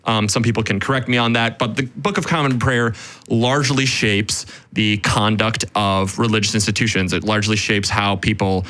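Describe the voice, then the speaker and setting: Guy on a history podcast, lively storyteller, tosses in "right?" all the time. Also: lowish voice. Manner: animated storytelling with quick quoted asides, frequent "right?" and "you know". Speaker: podcast co-host. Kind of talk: casual history discussion.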